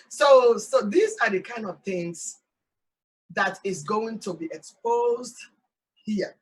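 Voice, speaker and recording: A woman from Sierra Leone with a Sierra Leonean accent, hosting an animated, emphatic talk monologue outdoors. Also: medium pitch, slow, recorded from a distance, rough recording. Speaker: host. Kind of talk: casual talk show monologue. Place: outdoors in hot sun.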